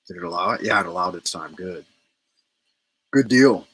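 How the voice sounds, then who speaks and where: Middle aged guy rambling on his stream, husky voice with a crisp sharp edge. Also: deep voice, brisk, long pauses, dry recording. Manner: chatty, rambling, repeats himself, thanks viewers. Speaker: livestream host. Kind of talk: casual livestream chat.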